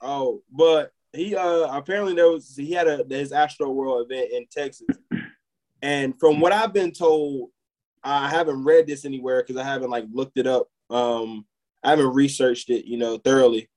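A man co-hosting a podcast who talks at a middling pitch in a loose, rambling way. He piles up filler words as he tells a story to his friends. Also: normal speed, a little mellow, rough recording. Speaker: podcast co-host. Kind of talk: casual chat.

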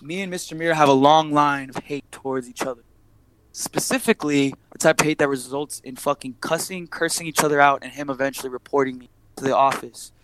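A man's voice: a little high, fairly even intonation, a little fast, a bit bright, a little hiss or hum. Young man telling a heated, profane story. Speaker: podcast guest, barber and rapper. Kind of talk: casual storytelling chat.

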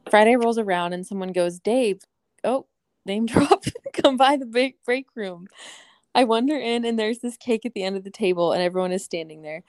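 A woman's voice: mid-range voice, quick pace, a little mellow, dry recording, studio quality. Bubbly, laughing woman co-host. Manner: bubbly, laughs often, self-deprecating. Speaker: podcast co-host. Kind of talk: casual chat, telling anecdotes.

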